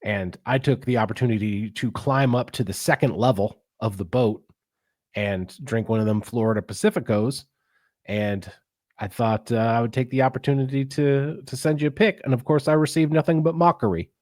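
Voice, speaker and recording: A man's voice: mid-range voice, steady tone, normal speed, a little mellow, dry recording, clean studio sound. A man co-hosting a podcast, talking in laid-back, joking banter. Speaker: podcast co-host. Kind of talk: casual chat.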